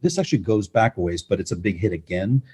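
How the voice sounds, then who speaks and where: A middle-aged man, a TV executive guest on a podcast, telling relaxed anecdotes. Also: lowish voice, fast talker, breathy edge. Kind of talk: interview answers.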